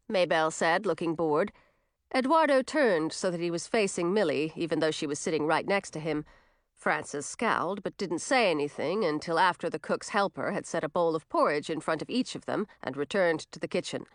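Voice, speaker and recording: A woman narrating a fantasy story in an expressive audiobook reading. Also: lowish voice, normal speed, dry recording, clean studio sound.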